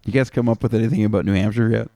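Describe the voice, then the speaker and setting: A man's voice: lowish voice, steady tone, rapid-fire, warm tone, no echo, clean studio sound. A man from Canada co-hosting a comedy podcast, reading out facts and breaking off into crude jokes. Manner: reads facts aloud, then riffs with crude jokes. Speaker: podcast co-host presenting the research. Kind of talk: casual comedy podcast chat.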